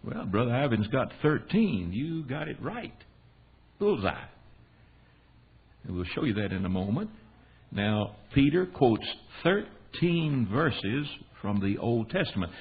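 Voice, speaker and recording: American man, Bible class teacher, gravelly voice, lively swinging intonation. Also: medium pitch, takes it slowly. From United States. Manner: animated, storytelling, quizzes his class. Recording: tinny phone-like recording with faint hiss.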